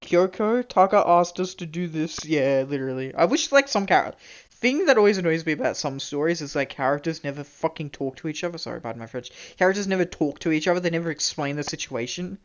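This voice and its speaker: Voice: medium pitch, lively intonation, fast, muffled recording. A streamer chatting casually with viewers and laughing often while playing a visual novel.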